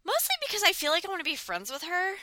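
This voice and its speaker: A woman in her thirties chats casually on a podcast, her voice very bright and forward. She talks in a loose, rambling way, full of fillers and quick restarts. The sound is dry and close, with no room around her. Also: very high voice, big pitch swings, no echo. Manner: chatty, many "like" fillers and restarts. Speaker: podcast co-host. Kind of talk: casual chat reviewing a dating show.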